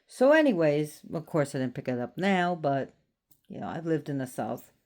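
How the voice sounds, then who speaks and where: A woman's voice: extremely low pitch, normal speed, a little mellow. A woman from Florida giving a casual, rambling spoken presentation on an occult topic, often circling back with "so anyways.". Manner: chatty and rambling, with frequent "so anyways".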